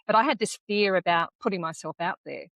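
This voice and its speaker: A woman's voice: medium pitch, brisk, a bit bright, dry recording, muffled recording. An Australian woman hosting a podcast, chatting casually and encouraging her guest with short affirmations. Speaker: podcast host. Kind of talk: casual conversational interview.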